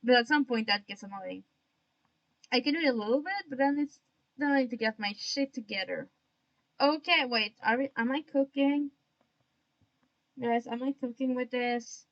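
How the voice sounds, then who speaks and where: Self-mocking young woman streamer, gravelly. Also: fairly high pitch, normal speed, long pauses, muffled recording. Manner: self-mocking, chatty, talks to herself; admits to an odd put-on tone today. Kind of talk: casual livestream chat while drawing.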